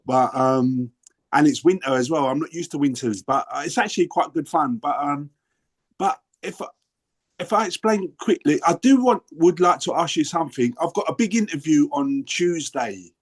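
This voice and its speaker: A man's voice: on the high side, normal speed. Older London man sharing at length. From England. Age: 60s. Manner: rambling, self-interrupting, earnest. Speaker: workshop participant. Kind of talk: casual sharing on a video call.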